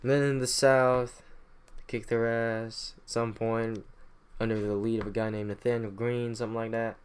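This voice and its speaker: A man's voice: mid-range voice, level tone, moderate pace, clear, resonant tone. A young man casually retelling history on a podcast, irreverent and profane, slipping into slangy mock voices. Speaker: podcast host. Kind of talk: casual comedic history recap. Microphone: home podcast mic.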